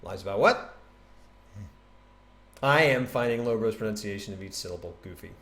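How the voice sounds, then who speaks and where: A man casually teaching a poem on a livestream, chatty and animated, thinking aloud and tapping out rhythms. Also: on the low side, normal speed. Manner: taps out rhythm with nonsense syllables. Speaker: streamer explaining a poem.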